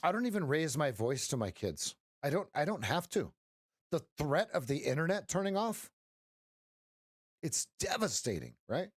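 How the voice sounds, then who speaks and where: A middle-aged man coaching traders on a live stream, his voice sitting a little higher than most men's. He rambles and jokes, restarting sentences and tossing in "right?" as he goes. The sound is close and dry. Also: very animated, normal speed, slightly rough, no echo. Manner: rambling and joking, with frequent restarts and "right?" tags. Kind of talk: casual live-stream trading commentary.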